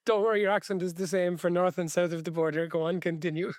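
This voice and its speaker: A man's voice: high voice, flat delivery, quick pace, no echo, studio quality. An Irish man co-hosting a football podcast, chatting in a wry, hesitant way. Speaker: podcast co-host. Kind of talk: casual chat.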